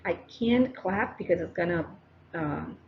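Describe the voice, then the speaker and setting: Narrating a recorded classroom lesson, a teacher talks directly to her students in an expressive, lowish voice at a measured pace. She's encouraging and goes over every step more than once. Her close-mic audio sounds dull, with a little hiss or hum.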